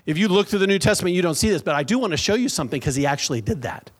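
High-voiced man preaching a sermon. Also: racing. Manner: energetic preaching with call-and-response to the congregation. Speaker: pastor.

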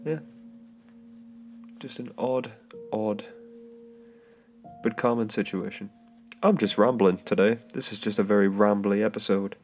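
Fairly even in intonation and on the low side, this English man speaks a little slowly with long pauses. He's hosting a podcast alone, rambling casually through a travel story full of fillers, restarts and chuckling asides; the home microphone recording has soft guitar music beneath.

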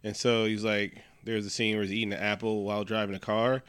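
A man co-hosting a casual podcast, retelling a movie scene by scene in an animated way and slipping into voices for the characters. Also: lowish voice, fairly quick, clean tone, no room sound. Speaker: podcast co-host. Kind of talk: casual movie recap chat.

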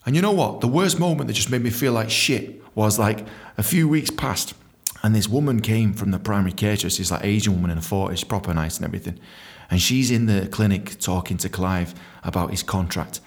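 Animated man telling stories. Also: brisk. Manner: animated, swears freely, acts out quotes in high voices. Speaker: podcast host. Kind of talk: storytelling podcast.

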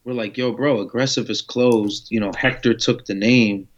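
A man's voice: medium pitch, normal speed. A man telling a long story in a casual interview, acting out conversations with slang and swearing. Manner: animated, acts out dialogue with slang and swearing. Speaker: guest telling his story. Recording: muffled lo-fi audio.

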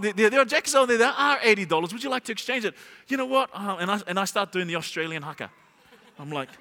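Bright-voiced man preaching in a reverberant hall. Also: high-pitched, lively intonation, fast. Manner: humorous storytelling with rhetorical questions. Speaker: pastor. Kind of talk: sermon.

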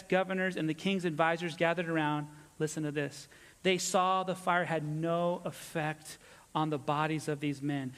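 A pastor preaching a sermon with earnest emphasis, dropping low and soft on his key points. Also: smooth. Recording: long reverb of a church hall.

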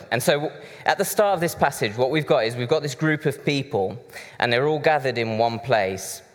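A man preaching a sermon, conversational and chatty with side remarks. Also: mid-range voice. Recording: reverberant hall.

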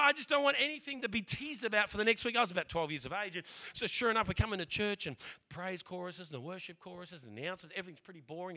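Male preacher, Australian, animated sermon storytelling, bright and forceful tone. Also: high-pitched. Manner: animated, repeats words as he speeds along.

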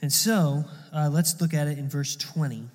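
A man's voice: on the high side, moderate pace, a little mellow, long reverb tail. A man preaching a sermon in a conversational way, often repeating words as he goes. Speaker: pastor.

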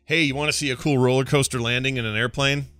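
A man's voice: mid-range voice, fairly even intonation, fast talker, a bit bright, no echo, faint music behind. A man co-hosting a live morning show, chatting casually, laughing and talking to his chat room. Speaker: podcast co-host.

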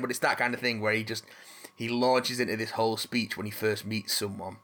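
A man's voice: on the low side, flat delivery, brisk, bright, forceful tone. A man hosting a casual chat, rambling with restarts and casual swearing.

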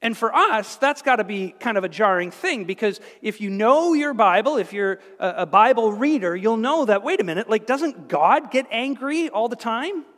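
Guy pastor preaching, kinda high voice, chatty and animated, church hall echo. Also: moderate pace, few pauses. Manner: animated, conversational preaching with repetitions and asides. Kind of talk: sermon. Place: church sanctuary.

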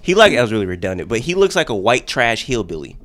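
Fast, animated man arguing on a podcast. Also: on the low side, a crowd in the background. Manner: animated, argumentative, swears freely. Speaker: podcast co-host. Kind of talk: casual podcast chat.

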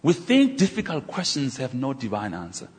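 A man preaching a sermon, telling stories and acting out conversations in an animated way. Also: mid-range voice, heavy background noise. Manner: animated, acts out dialogue with pauses and exclamations. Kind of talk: sermon storytelling. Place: church. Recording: echoey church hall.

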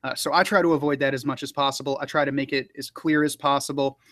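A man's voice: medium pitch, fast talker, no echo. A man who narrates audiobooks, talking casually in an interview with many fillers and small laughs. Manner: relaxed, rambling, frequent fillers and laughs.

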